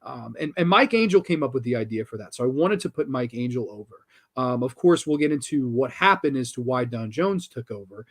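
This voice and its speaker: A man's voice: medium pitch, lively intonation, a little fast. A man hosting a horror film review show, talking casually and enthusiastically, with casual swearing and lots of restarts.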